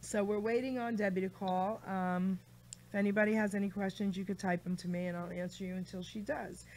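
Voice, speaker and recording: A woman's voice: mid-range voice, steady tone, fairly quick, darkish tone, slight background noise. A woman hosting a radio show, chatty and gushing with her guest, reading out a rhyming poem. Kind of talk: casual radio chat.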